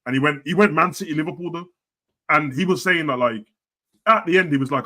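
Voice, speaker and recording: A man talking football with a friend in slangy chat, jumping between loud outbursts and muttered asides. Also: on the high side, quick pace. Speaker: football podcast host.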